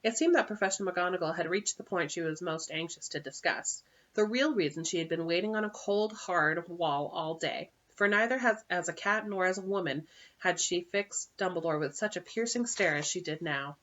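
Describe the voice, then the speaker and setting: Woman reading a story aloud, lower voice. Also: normal speed, dull audio. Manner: steady reading with occasional slips and self-corrections. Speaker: audiobook reader. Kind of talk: amateur audiobook narration.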